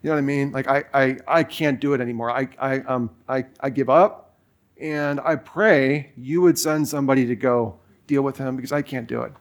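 A man's voice: medium pitch, fairly even intonation, normal speed. A man in his forties preaching a sermon, telling a personal story in a casual way with lots of fillers. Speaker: pastor.

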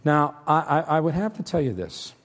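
A middle-aged man preaching a sermon, emphatic, shifting between loud stressed points and quiet asides. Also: a little high, very animated, normal speed. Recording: long reverb from a large hall.

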